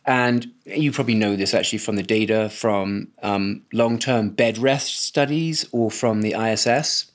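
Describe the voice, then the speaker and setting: Middle-aged man, English accent, dry wit, halting podcast guest chat. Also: lowish voice. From born in Hawaii, raised in Portugal and England. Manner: wry, self-deprecating, hesitant restarts.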